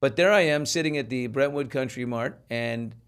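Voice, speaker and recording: A male talk show host in a casual chat, spinning stories with lively energy and slipping into voices for the people in them. His voice sits at an ordinary middle pitch. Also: moderate pace, slight background noise. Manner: animated storyteller who acts out quoted people.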